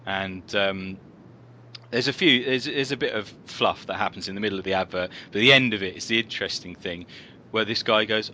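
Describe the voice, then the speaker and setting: A man's voice: fairly low pitch, fairly even intonation, fairly quick, sharp tone, dull audio, a little hiss or hum. A man co-hosting a comedy podcast, telling rambling stories in casual chat with lots of fillers and restarts. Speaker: podcast co-host.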